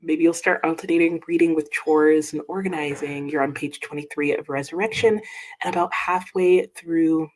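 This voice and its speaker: A woman's voice: sits low, moderate pace. Chatty woman reading out live comments. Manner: upbeat, reads viewer comments aloud with little exclamations. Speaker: livestream host. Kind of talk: casual live-chat reading stream. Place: at her desk at home.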